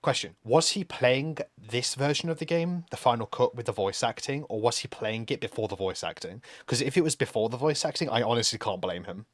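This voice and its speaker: A man's voice: mid-range voice, expressive, fairly quick, hardly any pauses, no echo. A male streamer giving rambling gameplay commentary, laughing and swearing casually.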